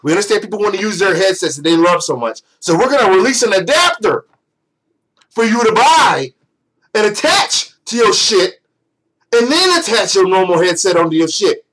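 A man's voice: sits high, big pitch swings, moderate pace, a bit bright, poor audio. Angry, foul-mouthed man ranting. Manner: profane, exasperated, sarcastic. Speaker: gaming vlogger. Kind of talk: angry rant.

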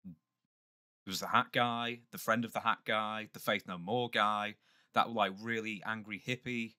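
Male host, very bright lowish voice, casual quick-fire interviewer. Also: fairly even intonation.

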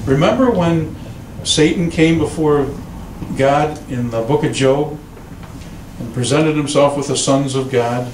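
A man preaching as a pastor, telling stories and acting out quoted voices with lively delivery. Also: unhurried, roomy sound, recorded from a distance, background noise. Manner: animated storytelling, voices quotes in a raised pitch. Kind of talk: sermon. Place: church sanctuary.

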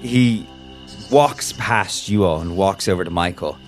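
A man narrating a tabletop horror game as game master, relaxed and wry. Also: sits low, measured pace, soft background music.

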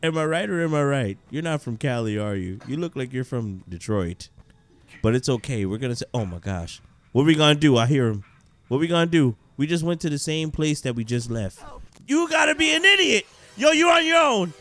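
A man's voice: a little high, big pitch swings, fairly quick, a bit bright, pitched above the performer's own voice. A man voicing a scared, preppy young man in a red sweater who brags about money and whines nervously in a horror game. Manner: whiny, nervous, boastful.

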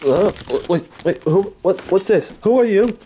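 A man's voice: sits high, a little slow, mellow, a little hiss or hum. Befuddled railway boss figure, defensive and flustered, voiced by a man in amateur comedy. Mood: confused. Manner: confused, defensive questioning.

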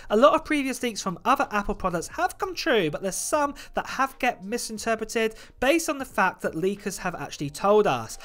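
A woman hosting a tech channel, giving an upbeat scripted roundup of product rumors and release dates. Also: medium pitch. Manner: lively, upbeat presenting with frequent "of course" and "guys".

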